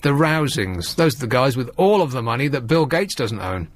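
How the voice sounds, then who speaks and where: A man's voice: medium pitch, very animated, normal speed, no room sound. A man hosting a late-night radio phone-in, chatting in a wry, rambling way and laughing easily with callers. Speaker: radio host. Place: radio studio.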